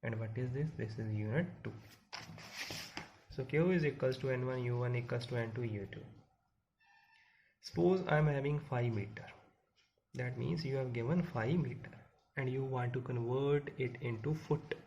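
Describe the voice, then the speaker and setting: A man gives a physics lesson. His voice has a gravelly edge, and he repeats points and asks the class questions as he goes. The recording is dull and lo-fi with a faint hiss underneath. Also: mid-range voice, moderate pace, long pauses, a little mellow. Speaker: physics teacher. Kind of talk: classroom lecture.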